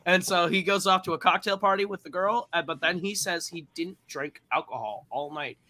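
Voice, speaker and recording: Man, podcast host, very bright sharp voice, a little high, rambling, swears a lot, casual film recap. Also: moderate pace. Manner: rambling and profane, heavy fillers.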